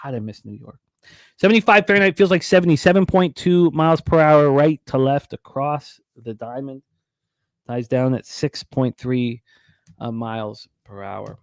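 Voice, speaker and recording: A man's voice: medium pitch, moderate pace, no room sound. A man hosting a sports betting radio show, rambling through stats and comedy club stories. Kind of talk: casual sports betting talk.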